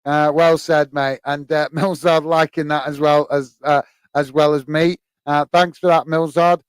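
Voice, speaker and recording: English bloke hosting a football stream, higher voice, smooth, says uh a lot. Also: male voice, level tone, measured pace, no room sound. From England. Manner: lots of "uh" fillers, repeats "mate" and thanks. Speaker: host reading live chat. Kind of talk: live stream chat reading.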